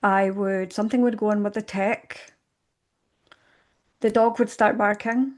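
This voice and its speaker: A woman in conversation, telling her own story reflectively and acting out her past thoughts in lively bursts. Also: medium pitch, unhurried. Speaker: podcast guest.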